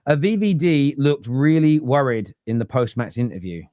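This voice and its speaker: A man's voice: mid-range voice, expressive, moderate pace, dark tone, no room sound. A man with a London accent hosting a casual football podcast, chatting and reading viewer comments aloud. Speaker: podcast host. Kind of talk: casual panel chat.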